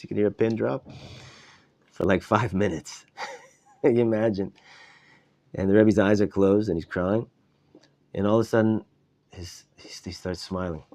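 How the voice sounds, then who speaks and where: A man, a rabbi, telling a story while teaching a class, animated and full of restarts. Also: lowish voice. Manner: animated storyteller, many restarts and repeated words. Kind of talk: storytelling lesson. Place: study hall.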